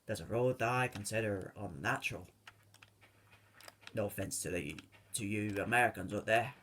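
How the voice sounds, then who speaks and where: A man's voice: fairly low pitch, normal speed, a bit bright, slight background noise. A young man hosting a gaming video, rambling off on tangents with many fillers. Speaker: gaming channel host. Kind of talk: rambling let's-play commentary.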